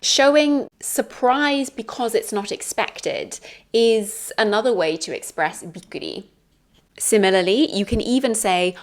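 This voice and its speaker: A woman's voice: mid-range voice, big pitch swings. A young British woman teaching English phrases in a careful, encouraging way. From Britain. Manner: slow, careful, warm and encouraging explanations. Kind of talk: scripted lesson to camera.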